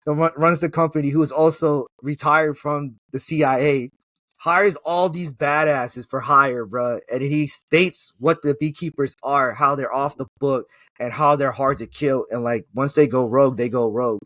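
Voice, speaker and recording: Hyped up guy retelling a movie, kinda high voice, lots of slang and cussing, dry close sound. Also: measured pace, dry recording. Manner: excitable, slangy, profane storytelling with laughs. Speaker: movie reviewer. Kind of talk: casual film recap chat.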